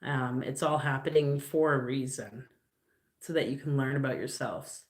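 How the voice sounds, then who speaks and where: A woman's voice: extremely low pitch, moderate pace, echoey room. A woman doing a casual live card reading, musing aloud with lots of fillers and loose, rambling phrasing. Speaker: tarot reader on a livestream.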